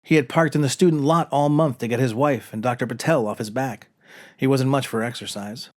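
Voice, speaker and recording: A man's voice: mid-range voice, a little fast. A man narrating a comic short story aloud with a dry, wry delivery. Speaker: narrator reading his own short story.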